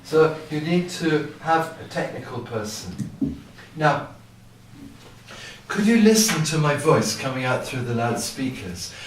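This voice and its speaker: A man presenting a seminar to a live audience, speaking into a microphone through loudspeakers. He has a naturally quiet voice and acts out his anecdotes with sound effects. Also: fairly high pitch, sing-song, a little slow, background noise. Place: large hall with loudspeakers. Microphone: microphone at ten centimeters, through a PA. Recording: very echoey hall, distant from the camera.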